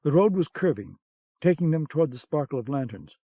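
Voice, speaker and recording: A man narrating a novel in a steady, measured way for an audiobook. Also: a little high, dry recording. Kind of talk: scripted narration. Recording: dull cassette-era audiobook sound.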